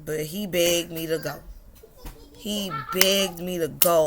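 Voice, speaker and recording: A woman's voice: lowish voice, unhurried, bright, forceful tone, a little hiss or hum. A young woman telling a personal story to the camera, emotional and laughing, at times tearful. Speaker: vlogger.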